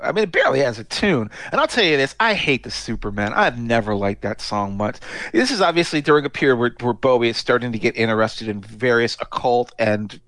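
A man's voice: medium pitch, no room sound. A man hosting a podcast, talking casually and animatedly about music, with lots of filler words. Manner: talkative, many "like" fillers, animated. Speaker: podcast host.

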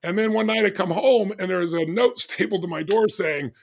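At a moderate pace, a gravelly-voiced man in his early sixties, pitched well higher than most men, tells his personal story as an interview guest. He stays animated throughout, performing the conversations he recalls, especially those with his doctors.

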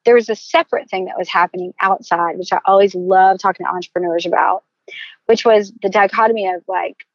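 Animated woman telling her story, lo-fi. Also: medium pitch, dry recording. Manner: animated, candid, quick storyteller. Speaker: podcast guest, entrepreneur. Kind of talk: casual interview storytelling.

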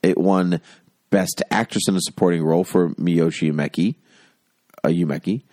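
A man's voice: low voice, fairly even intonation, normal speed, a little mellow, no echo. A man co-hosting a casual film chat, dry and teasing, laughing at his own jokes. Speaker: podcast co-host. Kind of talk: casual chat about films.

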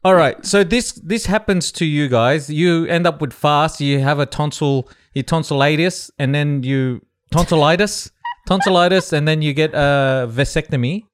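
A man co-hosting a podcast, animated and jokey in casual chat, often stumbling over words. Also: a little high, moderate pace, hardly any pauses. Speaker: podcast co-host.

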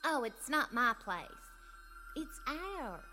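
A woman's voice: high-pitched, big pitch swings, takes it slowly, bright, forceful tone, soft background music, heavily acted. A woman voicing a breezy female afterlife official with a folksy twang and a playful, teasing manner. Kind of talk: audiobook character voice.

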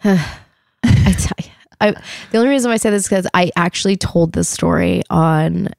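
Low gravelly woman, chatty and dry. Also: brisk, darkish tone, dry recording. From Canada. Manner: chatty, swears casually, laughs often, acts out quotes. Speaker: actress, interview guest. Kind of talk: casual interview chat.

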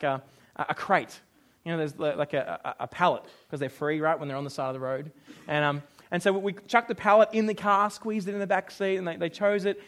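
A man, preaching a casual sermon and acting out voices in his stories. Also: high voice. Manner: animated storytelling, acts out quotes. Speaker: pastor.

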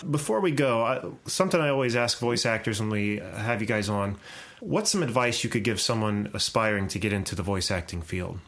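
A man's voice: fairly low pitch, brisk, fairly bright tone. A man hosting a casual interview, enthusiastic, laughing often and asking open questions. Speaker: podcast host.

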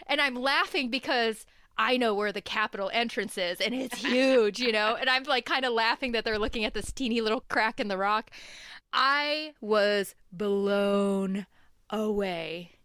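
A woman telling a long, animated story in a casual chat, laughing as she goes. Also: a little high, a little slow, clear, resonant tone, no room sound, studio quality. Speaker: guest. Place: home.

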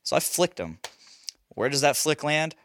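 A man's voice: fairly high pitch, normal speed, a little hiss or hum. A young man telling a casual story as a podcast host, laughing often and swearing freely. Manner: animated, laughing, swears a lot.

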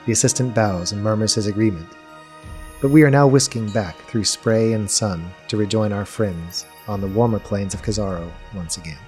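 A man narrating a tabletop game as game master, in slow, descriptive storytelling. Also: lowish voice, darkish tone, soft background music.

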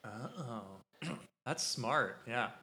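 A man's voice: medium pitch, animated, drawn-out words, sharp tone. A man hosting a podcast, telling a casual story in a rambling, self-interrupting way. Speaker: podcast host. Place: podcast studio. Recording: echoey room.

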